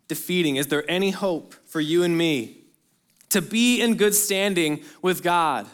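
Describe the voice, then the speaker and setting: Speaking a little slowly in a clear, resonant tone, a pastor delivers a sermon straight to his congregation. He is earnest, building to emphatic outbursts and then sinking to a soft, low delivery.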